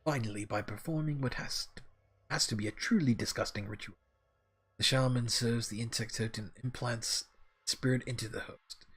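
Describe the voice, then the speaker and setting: A man voicing a grave, learned older male scholar who lectures in a low, ominous way. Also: steady tone, moderate pace, fairly bright tone, husky.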